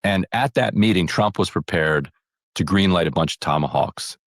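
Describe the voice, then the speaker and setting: Very deep-voiced man talking politics. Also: moderate pace, no room sound, clean studio sound. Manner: rambling, many restarts, quotes others in paraphrase. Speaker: podcast co-host. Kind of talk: casual political discussion.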